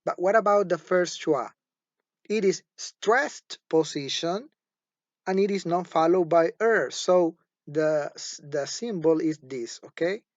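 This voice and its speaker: A male teacher walks through a recorded phonology lesson at a very unhurried pace, saying each example word two or three times over. His voice sits a little higher than most men's. The recording is dull and lo-fi, with a dry, close sound and no room echo. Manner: slow and deliberate, repeating example words several times.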